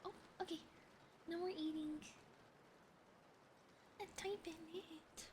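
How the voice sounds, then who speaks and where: Woman ASMR streamer with a high voice, slow and giggly, drops whispers and curses, rain sounds behind her. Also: steady tone, background noise. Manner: playful, giggly, swears casually; whispers often. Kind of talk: soft-spoken ASMR livestream chat.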